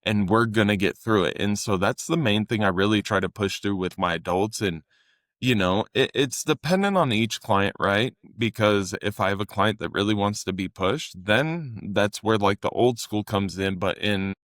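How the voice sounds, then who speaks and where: Talking about coaching on a casual podcast he co-hosts, a young fitness coach sounds earnest, his fairly low voice moving at normal speed. Now and then his quotes come out louder and higher-pitched. The recording is dry and close-miked in a dead room.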